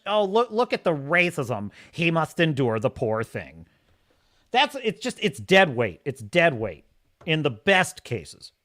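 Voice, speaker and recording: Man, podcast host, mocking rant, high lively voice, bright tone. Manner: animated, mocking, laughs often. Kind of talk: opinionated casual commentary.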